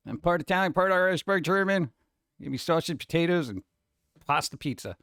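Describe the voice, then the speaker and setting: Rambling joking man with a smooth voice. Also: fairly high pitch, lively intonation, a little fast, a bit bright, no echo, clean studio sound. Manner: rambling, joking, self-deprecating. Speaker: streamer host. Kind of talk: casual chat reading viewer comments.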